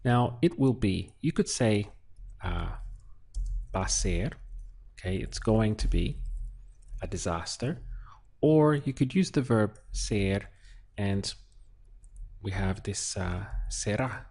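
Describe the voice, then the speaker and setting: Slow, husky, low-voiced male teacher. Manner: calm, methodical, thinks aloud with pauses. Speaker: Spanish teacher. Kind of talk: unhurried lesson walkthrough while writing.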